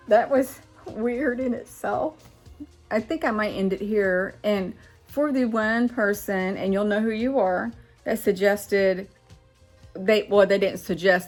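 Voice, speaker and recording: A chatty woman talking straight to her viewers in a relaxed vlog. She is excitable and gets loud when worked up, with a middle-pitched voice. Faint music sits behind her. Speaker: vlogger. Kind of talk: casual chat to camera.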